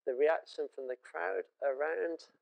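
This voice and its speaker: A man's voice: a little high, a little slow, creaky, low-quality recording. A British man preaching a sermon in an earnest, conversational and emotive way.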